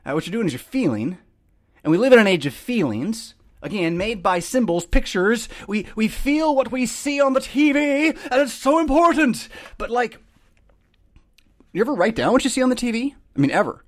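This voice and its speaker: High-voiced male host, rambling preacher with sarcastic asides, dry close sound. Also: big pitch swings, normal speed, no echo. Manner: rambling, emphatic, repeats words. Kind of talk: casual preaching monologue.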